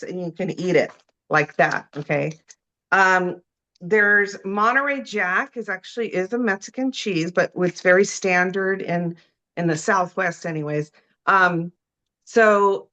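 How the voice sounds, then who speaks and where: A woman's voice: medium pitch, a bit bright. A woman cooking live as a guest food expert, chatting and explaining each step and often checking in with "okay?" and "right?". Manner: chatty, explains as she works, ends points with "you know?", "okay?", "right?".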